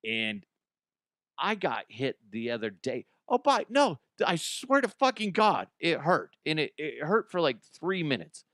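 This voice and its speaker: A man who is a radio host, telling a casual comedic story, animated, swearing and laughing as he talks. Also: fairly high pitch, unhurried, no room sound, studio quality. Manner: animated, swearing, laughs often, slips into voices.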